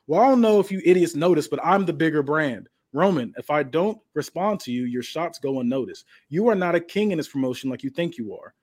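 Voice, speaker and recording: A man's voice: on the high side, expressive, brisk, few pauses, a little mellow. Man putting on a smug taunting wrestling heel, raised sneering voice. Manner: mocking, taunting.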